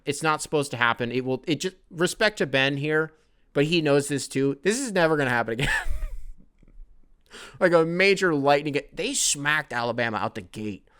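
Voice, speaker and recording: A man's voice: medium pitch, a bit bright, clear, resonant tone, dry recording, studio quality. Profane rambling male podcast host. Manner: rambling, profane, jokey, reads listener emails aloud. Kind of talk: casual solo podcast talk.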